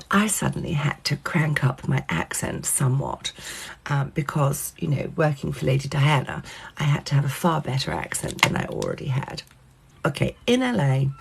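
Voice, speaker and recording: A woman telling a story from her past in a gravelly, husky voice. She talks casually and animatedly, swears freely and fills gaps with ums and uhs. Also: a bass voice, darkish tone. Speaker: channel host telling a personal story. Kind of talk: casual anecdote.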